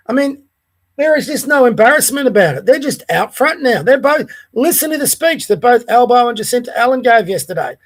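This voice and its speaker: High-voiced, ranting Australian man. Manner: indignant, ranting, rhetorical questions. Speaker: podcast host. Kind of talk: opinion podcast monologue.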